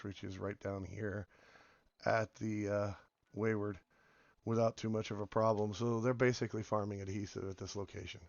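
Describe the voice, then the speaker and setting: A man with a hoarse voice from being sick, rambling casually as he comments on a game and drifts between topics. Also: on the low side, no echo, lo-fi sound. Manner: rambling, meandering, many fillers. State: hoarse from illness. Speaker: game video host.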